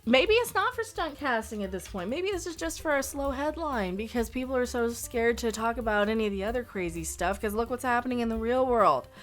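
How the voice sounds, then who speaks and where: A woman with a slightly high voice delivers a blunt, sarcastic commentary rant, rambling and laughing as she goes. Faint music plays underneath her. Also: animated, a little fast, hardly any pauses. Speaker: channel host.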